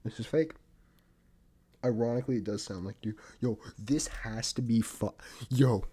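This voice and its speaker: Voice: medium pitch, moderate pace, dark tone, slightly rough. A co-host chatting casually on a livestream, laughing a lot, swearing and saying "yo".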